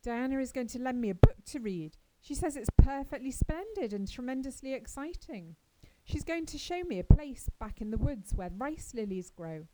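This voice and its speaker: A woman reading aloud as a chatty, dreamy orphan girl who gushes with wide-eyed excitement. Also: sits high, normal speed, few pauses, heavy background noise, voice pushed up. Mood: gushing. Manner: breathless, gushing and wide-eyed. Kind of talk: audiobook character reading.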